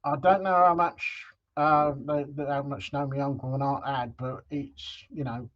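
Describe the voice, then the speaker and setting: A man's voice: medium pitch, steady tone, measured pace. An English man co-hosting a casual live chat, with dry, understated humour. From England. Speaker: co-host. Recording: dull lo-fi sound.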